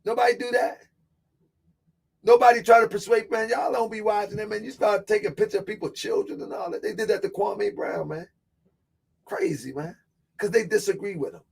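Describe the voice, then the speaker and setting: A man with a notably high voice hosts a loose, casual livestream. He talks in easygoing slang and laughs often. He keeps circling back to a repeated catchphrase. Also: fairly quick, gravelly, a little mellow, breathy edge. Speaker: livestream host. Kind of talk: casual live-stream chat.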